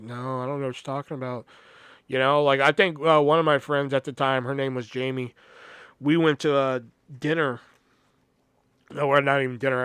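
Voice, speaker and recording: A man in his thirties rambles through a personal story on his podcast, swearing freely and leaning on filler words. His mid-pitched voice sits close to the mic in a dry, dead room. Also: fairly bright tone, clear, resonant tone, no echo. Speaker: podcast host. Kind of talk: casual storytelling monologue.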